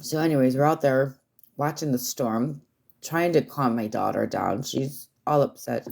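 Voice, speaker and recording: Low, gravelly woman rambling on a livestream. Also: normal speed, darkish tone. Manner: rambling, swears freely, many fillers. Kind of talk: casual livestream chat.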